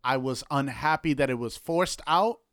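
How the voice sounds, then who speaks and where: A man's voice: medium pitch, moderate pace, a bit bright, no echo, clean studio sound. A man co-hosting a casual podcast, speaking earnestly and heartfelt, with casual swearing. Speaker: podcast co-host. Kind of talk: casual chat.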